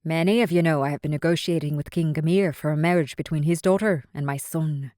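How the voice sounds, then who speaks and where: Woman doing a smooth, brisk pirate king. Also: low voice, steady tone, warm tone, no echo, clean studio sound, natural voice. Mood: smug. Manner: formal, brisk announcing. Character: scheming male pirate king, smooth and commanding.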